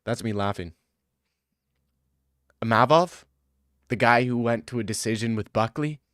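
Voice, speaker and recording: A man's voice: mid-range voice, measured pace, fairly bright tone, no echo, studio quality. A man streaming live and answering chat in a sarcastic, mocking way. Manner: sarcastic, mocking, jumps into put-on voices. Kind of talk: casual livestream chat.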